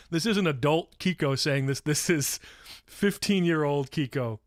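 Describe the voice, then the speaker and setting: A man's voice: a little high, brisk, no echo, clean studio sound. A man from San Francisco telling a story on a live stream, rambling and swearing freely and breaking off to answer chat. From San Francisco, USA. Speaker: livestreamer.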